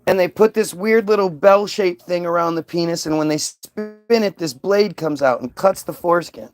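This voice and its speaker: A man's voice: high voice, normal speed, faint music behind. A man talking in a heated, profane, unscripted monologue, stumbling and restarting his sentences as he goes. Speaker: vlogger.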